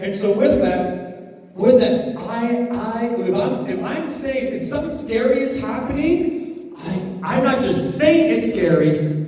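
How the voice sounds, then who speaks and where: A man teaching storytelling to a live group, playful and animated, constantly shifting his voice from loud to hushed. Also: sits high. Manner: animated, playful, lots of voice changes. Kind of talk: workshop talk with acted storytelling. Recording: echoey hall from far off.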